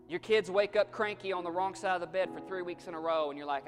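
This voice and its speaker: High-voiced man preaching emphatically. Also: fast talker, few pauses. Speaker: pastor. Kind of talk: sermon. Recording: long reverb, faint music.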